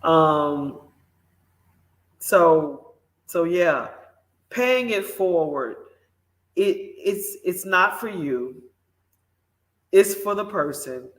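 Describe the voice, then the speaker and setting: A woman host shares a personal story at an easy, unhurried pace. She talks with animated emphasis, turning often to address her audience. Her voice rings in a roomy, echoing space. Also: low-pitched. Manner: animated, emphatic, speaks directly to listeners. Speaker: morning show host. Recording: roomy echo.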